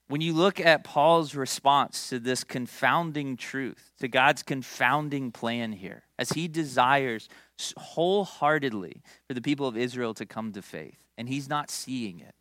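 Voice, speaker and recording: A young male pastor delivers a sermon in an animated, conversational way, sliding into stories and asides to the crowd. His voice sits a little high and sounds bright and tense. The sound is dry and close. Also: no echo.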